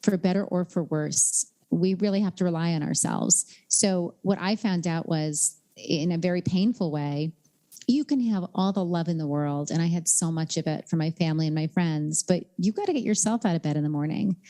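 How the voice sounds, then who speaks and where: Low, mellow-voiced woman from New York. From New York, USA. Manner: earnest, candid, speaks in rapid bursts with frequent "like" fillers. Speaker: guest author. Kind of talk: reflective interview conversation.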